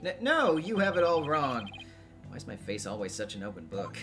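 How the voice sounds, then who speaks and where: A man's voice: a little high, sing-song, pitched above the performer's own voice. A man voicing an exasperated young defense lawyer in a plain, natural voice, with game music behind. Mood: flustered. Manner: exasperated, quick retorts.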